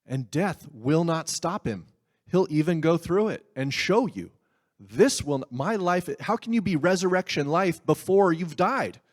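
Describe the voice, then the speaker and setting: A man's voice: fairly high pitch, lively intonation, a little slow. A man preaching a sermon in a conversational way, with asides and laughs. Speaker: pastor.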